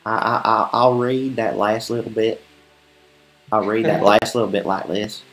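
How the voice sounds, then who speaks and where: A man reading an epic poem aloud in a measured way, then chatting casually with some stumbles. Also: lowish voice, fairly even intonation, a bit bright, soft background music, rough recording. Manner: measured, stumbles and restarts in chat. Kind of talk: poetry reading and casual chat.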